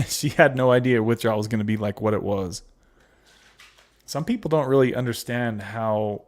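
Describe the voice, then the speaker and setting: A man hosting a casual livestream, reading viewer comments aloud and answering them with fillers and laughs. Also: lowish voice. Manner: chatty with frequent fillers and laughs. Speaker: livestream host.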